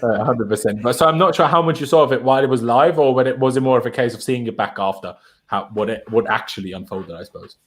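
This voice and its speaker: A man's voice: mid-range voice, quick pace. A man hosting a casual football talk show, chatty and rambling, often restarting his sentences. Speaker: podcast host.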